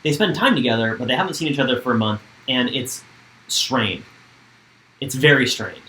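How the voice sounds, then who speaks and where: A man's voice: medium pitch, expressive, moderate pace, pushed and bright. A man with a mid-range voice co-hosts a casual recap podcast. He walks through the scenes step by step like a storyteller. His voice carries a roomy echo over a faint bed of noise. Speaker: podcast co-host.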